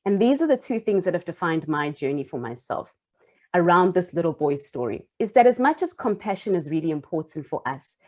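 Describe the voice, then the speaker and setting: A woman's voice: on the low side, a little mellow. Earnest woman telling a heartfelt story. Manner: earnest, heartfelt, with small restarts. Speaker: former primary school teacher, speaker. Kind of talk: personal storytelling talk.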